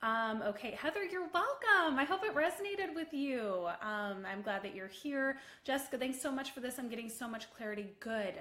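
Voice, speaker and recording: A woman coach hosting a live video session, bubbly and animated, chatting with viewers and reading out their comments. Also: high-pitched, moderate pace, hardly any pauses, roomy sound. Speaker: online visibility coach. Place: home office room.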